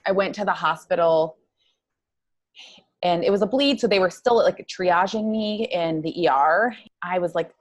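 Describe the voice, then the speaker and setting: A woman guest telling her own story in an interview, earnest and halting, with many fillers. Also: lowish voice. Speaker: guest psychologist.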